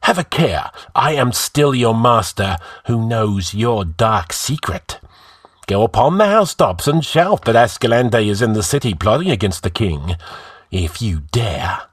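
A man's voice: fairly low pitch, lively intonation, measured pace, breathy edge, dry recording, clean studio sound, voice pushed up. A man voicing an arrogant, scheming male outlaw who gives orders in a commanding, scornful way.

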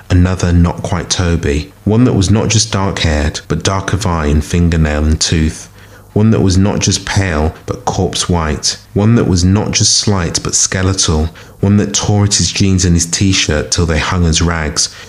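A man with a very deep voice narrates scripted fiction in a measured, dramatic way. He reads as the storyteller of a podcast tale. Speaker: story reader.

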